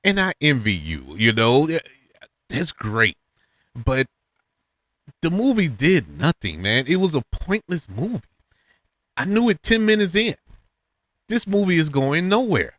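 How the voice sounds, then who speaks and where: A man hosting a casual spoken movie review, animated and chuckling often, his voice jumping up high to make a point. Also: unhurried, pauses often, no room sound. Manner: animated, laughs often, pitch jumps up high for emphasis. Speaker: podcast host reviewing films.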